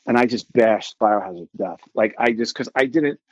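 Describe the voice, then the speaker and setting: Brief: forties male guest, rambling animated storyteller, slightly muffled dry recording. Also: on the low side, normal speed, no echo. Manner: animated, rambling, with many filler likes and restarts. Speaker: guest musician. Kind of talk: casual storytelling.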